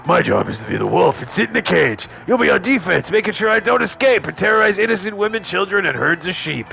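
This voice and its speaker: A man's voice: high voice, very animated, fast, gravelly, pushed and bright, pitched above the performer's own voice, exaggerated voice. A man voicing an eager, awkward werewolf teen. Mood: earnest. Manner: eager, rambling, oblivious.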